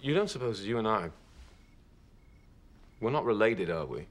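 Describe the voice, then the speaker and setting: A man's voice: fairly low pitch, big pitch swings, normal speed. An actor with an English accent playing a sardonic, sneering young Englishman in a TV drama. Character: sneering brash young Englishman, amnesiac vampire. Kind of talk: TV drama acting.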